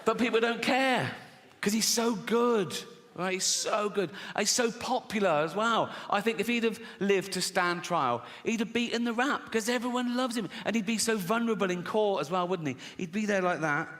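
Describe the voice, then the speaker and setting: Speaking at a moderate pace in a high, slightly bright voice, an English-accented comic works through a sweary, provocative set in a chatty way. The recording comes from a big live venue, echoey and full of audience noise.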